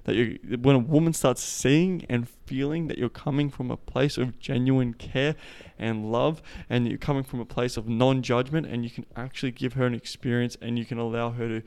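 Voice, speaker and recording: A man's voice: mid-range voice, steady tone, moderate pace, a little mellow, clear, resonant tone. A man hosting a podcast, talking casually and loosely with plenty of swearing and filler words. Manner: profane, loose, full of "like" and "the thing is". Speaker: podcast host.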